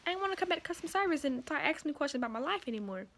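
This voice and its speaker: A chatty young woman tells a storytime to her viewers, animated and conversational. Her voice sits a little high for a woman. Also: rapid-fire, a little hiss or hum. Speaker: vlogger. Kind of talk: casual storytime.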